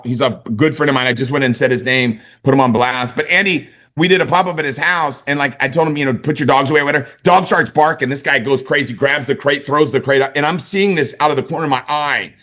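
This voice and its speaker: A man giving an energetic motivational sales training, talking conversationally and often checking that his listeners follow him. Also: fairly high pitch. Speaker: network marketing sales trainer.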